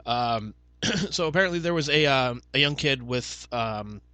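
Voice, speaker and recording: Bright, crisp-toned young man chatting. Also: medium pitch, lively intonation, moderate pace, no echo. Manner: swears freely, chatty storytelling with fillers. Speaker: podcast co-host. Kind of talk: casual chat.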